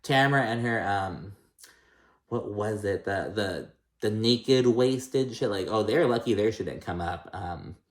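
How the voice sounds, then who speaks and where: A man's voice: lowish voice, animated, unhurried, echoey room. A man casually recapping a reality TV episode, chatty and gossipy, with lots of "like" and "um" and free swearing.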